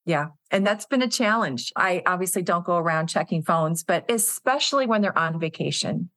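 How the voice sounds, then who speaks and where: A woman with a somewhat low voice speaks as a podcast guest, earnest and conversational as she tells stories about her staff. The sound is dry and close, with no room around her. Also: lively intonation, normal speed, fairly bright tone, no room sound. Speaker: executive director, podcast guest. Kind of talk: casual interview conversation.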